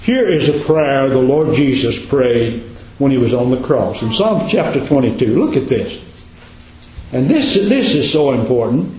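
A man preaching a sermon as a pastor, repeating his points and dropping to a low, hushed voice for emphasis. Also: lively intonation, measured pace. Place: church. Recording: echoey, dull church recording.

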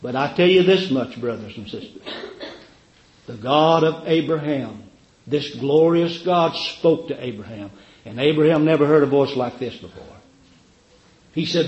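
A man preaching a sermon in a drawn-out, emphatic way, asking rhetorical questions. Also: fairly high pitch, a little mellow, echoey room, lo-fi sound.

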